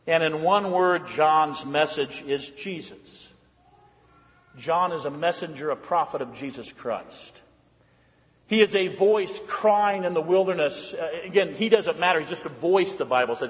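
A man preaching a sermon as pastor in a church, blunt and emphatic, swinging from loud calls to hushed pleading. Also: fairly high pitch. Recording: church hall reverb.

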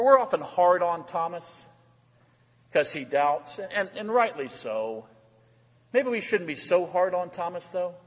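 Male pastor preaching, high voice, husky tone, long hall reverb. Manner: animated preaching, swinging between hushed and loud. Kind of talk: sermon.

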